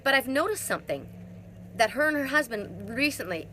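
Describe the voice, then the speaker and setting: Woman, middle-aged, emphatic, repetitive, spiritual monologue, outdoors, bright tone. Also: high voice, expressive, a little fast, a little hiss or hum. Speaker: twin soul facilitator. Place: outdoors in hot humid weather.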